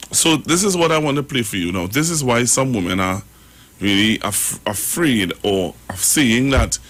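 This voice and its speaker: A man hosting a radio talk show, rambling and halting as he comments. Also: medium pitch, expressive, fairly bright tone. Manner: rambling, halting, full of fillers and restarts.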